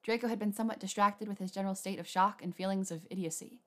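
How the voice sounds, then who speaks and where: A woman's voice: medium pitch, fairly even intonation, quick pace, few pauses. Woman reading a story aloud. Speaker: narrator.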